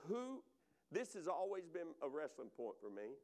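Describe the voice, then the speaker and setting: A man's voice: a little high, very animated, moderate pace, darkish tone. A man preaching a sermon, talking conversationally to the congregation and repeating phrases for emphasis. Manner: addresses congregation and online viewers directly. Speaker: pastor.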